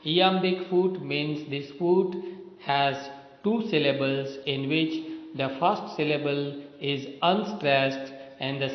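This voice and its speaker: A man giving a literature lecture that explains a poem, talking slowly and explanatorily and often checking in with "you know" and "okay". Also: a little high, roomy sound, long reverb tail, dull audio.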